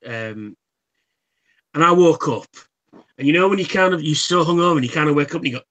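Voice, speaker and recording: A man's voice: on the high side, quick pace, long pauses, a bit bright. A man hosting a casual livestream, telling rambling anecdotes full of swearing and false starts. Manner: rambling storyteller, swears freely, many restarts. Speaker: livestream host. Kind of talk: casual chat.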